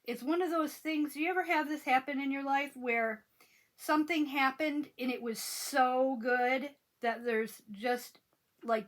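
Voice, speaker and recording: A woman hosting a crafting channel, chatting casually and rambling with many ums while she works. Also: fairly high pitch.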